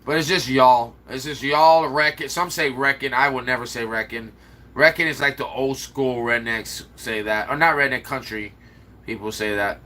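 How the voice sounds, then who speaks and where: A man's voice: medium pitch, moderate pace, bright, forceful tone. A man with a slight Chicago accent, rambling and answering viewer comments aloud in a casual livestream chat. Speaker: livestream host.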